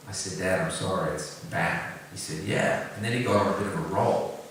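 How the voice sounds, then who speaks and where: A man speaks earnestly to an audience, sharing a personal story with a few light jokes. His voice sits on the low side. The recording is very echoey, taken from some distance, with faint room ambience behind him. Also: lively intonation, moderate pace, slight background noise. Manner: earnest, direct, gently humorous. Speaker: singer-songwriter talking about his song.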